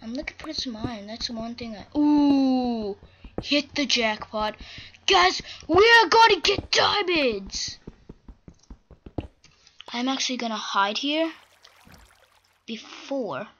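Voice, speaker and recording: A woman's voice: a little high, a little slow, pauses often. A woman hosting a gaming video, chatting casually as she plays and breaking into flustered, panicked outbursts. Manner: chatty, easily flustered, bursts into panicked shouts. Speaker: gaming channel host. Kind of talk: casual game commentary. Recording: dull lo-fi mic with faint noise.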